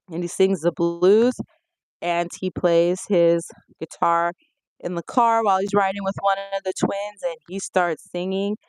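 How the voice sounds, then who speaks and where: A movie reviewer talks casually and conversationally, recapping scenes from the film and acting out quotes with energy. The voice is mid-range, clear and resonant, with no room sound.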